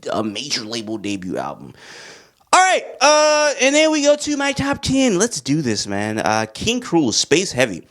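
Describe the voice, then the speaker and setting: Man, casual album vlog, excitable, rambling, slang-heavy, middle pitch. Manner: excitable, rambling, slangy, full of "bro" and "you feel me". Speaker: music reviewer.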